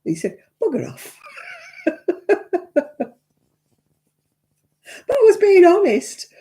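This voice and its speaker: A woman's voice: very high voice, very animated, extremely slow, warm tone. Chatty self-mocking woman. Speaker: craft live-stream host. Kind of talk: casual live-stream chat.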